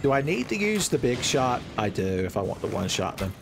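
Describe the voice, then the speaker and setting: A young man giving playful, joking commentary over his own gameplay, breaking into loud exclamations. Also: medium pitch, big pitch swings, brisk, vocal fry, noisy background. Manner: playful, jokey, swings into loud shouted exclamations. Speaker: gaming video creator.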